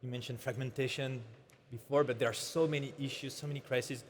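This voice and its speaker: A man's voice: medium pitch, steady tone, a little fast, slight background noise. Hesitant male moderator in an echoing hall. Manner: hesitant, restarts and fillers. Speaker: conference moderator. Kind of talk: onstage interview. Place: large conference hall, on stage. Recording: reverberant hall with faint ambience.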